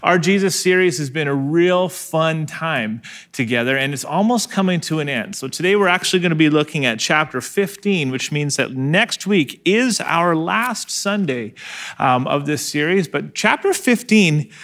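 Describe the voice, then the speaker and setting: A male pastor preaching an energetic, conversational sermon to a live and online congregation. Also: on the high side. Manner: energetic, conversational, acts out scenes.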